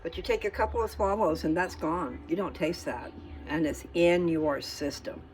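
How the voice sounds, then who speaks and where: Low-voiced woman chatting folksy to viewers. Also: normal speed, darkish tone, faint music behind, rough recording. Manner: folksy, chatty, keeps checking in with "okay?". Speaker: vlogger. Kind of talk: casual chat to viewers.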